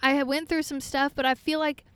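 A young woman from Oklahoma, chatting casually as a podcast guest. She has a high voice and rambles through her stories with plenty of "like" and "I don't know". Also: flat delivery, a little fast, dry recording. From Oklahoma, USA. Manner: chatty, laughs often, many fillers. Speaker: singer-songwriter guest.

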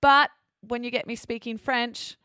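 An Australian woman hosts a podcast for English learners in a chatty, self-correcting way. She talks slowly and spells out meanings with care. Her voice sits close and dry, with no room sound around it. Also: a little high, fairly even intonation, bright, forceful tone, clean tone, no room sound. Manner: chatty, self-correcting, explains words carefully. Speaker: podcast host.

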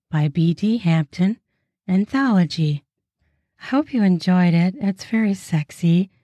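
A woman reading an erotic novella aloud as a podcast narrator, with a slow, soft, unhurried delivery. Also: fairly low pitch, dry recording.

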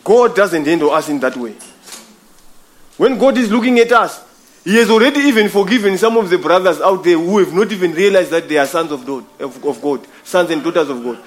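High-voiced man preaching emphatically. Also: animated, brisk. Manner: emphatic, repeats phrases, addresses listeners as brother. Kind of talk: sermon.

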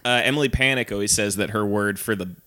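A man's voice: fairly low pitch, fast talker. A man co-hosting a podcast, explaining jokes in casual banter. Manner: explaining, chuckling, lively. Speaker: podcast co-host.

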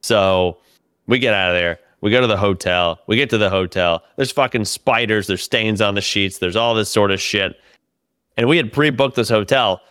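A man telling profane, animated stories about a comedy tour in casual podcast chat. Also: fairly low pitch, normal speed, smooth, dry recording, clean studio sound. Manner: profane, animated storytelling with laughs.

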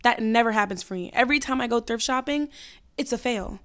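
A young woman hosting her own podcast, chatting casually and candidly with slang, her voice hoarse and going in and out. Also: on the high side, a little fast, fairly bright tone. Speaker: podcast host. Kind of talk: casual solo podcast chat.

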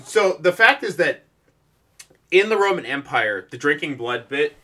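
A man's voice: fairly high pitch, very animated, unhurried, sharp tone. A young man co-hosting a podcast in casual banter, swearing and laughing between points. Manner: swearing, laughing, joking asides. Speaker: podcast co-host. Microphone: headphones and studio mic.

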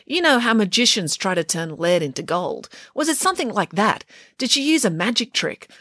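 In an audiobook, a woman voices a curious, sensible girl asking questions, pitching above her own natural voice from a mid-range base. She is very animated and inquisitive at a normal pace, slightly bright, with clean studio sound and no room echo.

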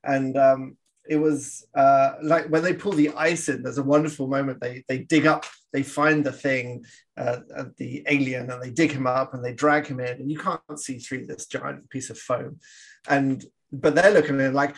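A man's voice: mid-range voice, fairly even intonation, normal speed. A man co-hosting a podcast, chatting casually about old films, laughing often and acting out quoted lines. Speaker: podcast co-host. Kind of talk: casual film discussion.

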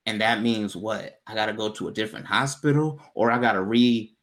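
A man's voice: on the low side, fairly quick. Guy chatting on a podcast, easygoing and slangy, acts out what folks said. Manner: laid-back, slangy, animated when quoting people. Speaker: podcast co-host telling a story. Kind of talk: casual storytelling chat.

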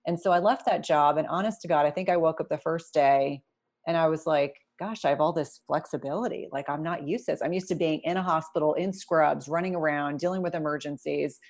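A middle-aged woman speaks with a notably low pitch as an interview guest. She tells her story candidly and with animation, often restarting her sentences and adding asides. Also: a little fast, darkish tone. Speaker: guest, nurse practitioner turned entrepreneur.

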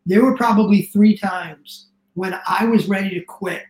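A man's voice: high voice, fairly even intonation, a little mellow. Middle-aged male guest, earnest and emotional, roomy echo. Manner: earnest, emotional storytelling, rushed restarts. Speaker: guest, business coach. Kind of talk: casual interview chat.

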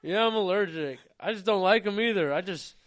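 A man's voice: high-pitched, brisk, a bit bright. A young man co-hosting a casual podcast, throwing in crude jokes and banter. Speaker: podcast co-host. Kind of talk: casual chat.

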